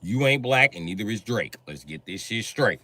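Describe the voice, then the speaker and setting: A man's voice: fairly low pitch, lively intonation, normal speed, sharp tone. A man hosting a livestream who talks in a heated, crude, combative rant. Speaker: livestream host. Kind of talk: profane live-stream rant. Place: livestream setup.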